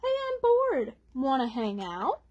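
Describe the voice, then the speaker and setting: A woman's voice: high-pitched, huge pitch swings, takes it slowly, darkish tone, a little hiss or hum, heavily acted. A woman voicing a bored, wide-awake duck in a storybook reading, eagerly pestering a friend with questions. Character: bored, pestering duck who can't sleep.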